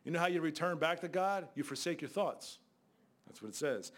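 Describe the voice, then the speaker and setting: A man's voice: fairly high pitch, brisk. A man preaching a sermon in a blunt, conversational way, with sudden outbursts.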